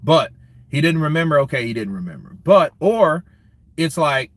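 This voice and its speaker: A man's voice: on the high side, very animated, normal speed. A man hosting a casual boxing livestream, joking crudely, reading viewer messages and acting out skits in other voices. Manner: crude, joking, reads super chats, acts out skits. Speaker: boxing commentary host.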